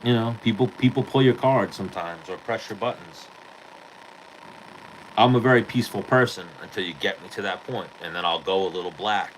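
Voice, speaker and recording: A man's voice: low-pitched, a little fast, a little hiss or hum, low-quality recording. A man hosting a podcast, telling a street-fight story in casual, profane chat and acting out the quotes. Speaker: podcast host.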